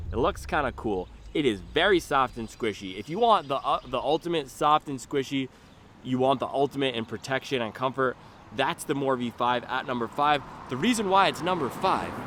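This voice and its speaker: A man casually reviews running shoes in a playful, rambling way. His voice sits at an everyday middle pitch. Faint outdoor traffic noise hums in the background. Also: a bit bright. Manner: playful, goofy asides and drawn-out silly pronunciations.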